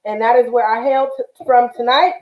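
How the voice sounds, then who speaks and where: A woman's voice: a little high, steady tone, moderate pace. A woman from the Bay Area hosting a craft livestream, talking casually and affectionately with lots of fillers. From Northern California, Bay Area. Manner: chatty, affectionate, many fillers. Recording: roomy, dull livestream audio.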